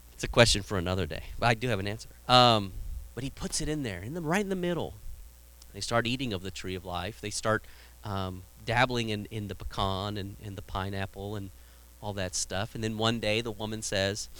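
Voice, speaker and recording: Delivering a sermon in a fairly low, fairly bright voice, this male pastor keeps things casual and humorous. He dramatizes Bible scenes conversationally, with frequent restarts and repeated words.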